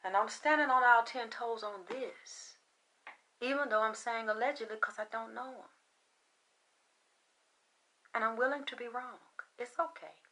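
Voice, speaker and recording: Woman, psychic reader type, high voice, swearing and emphatic in an off-the-cuff monologue. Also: sharp tone. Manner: profane, emphatic and blunt. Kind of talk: unscripted ranting monologue.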